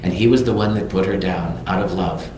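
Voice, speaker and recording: A man, a minister, telling a personal story in a sermon as a lively storyteller who acts out the people he quotes. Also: deep voice, brisk, a little hiss or hum. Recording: very echoey hall.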